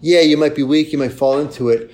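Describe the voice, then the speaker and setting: Speaking a little high and fairly quickly, this preacher keeps his sermon conversational, tossing in "right?" often. When he acts out confessions, he softens his voice.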